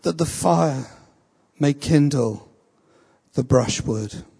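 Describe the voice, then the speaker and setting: A man delivers a sermon in an earnest, emphatic manner, leaning on key words and slowing down to stress them. His voice sits high for a man. It carries the long reverb of a large hall. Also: creaky, warm tone, husky. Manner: earnest, slow and emphatic, reading a testimony aloud. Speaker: preacher.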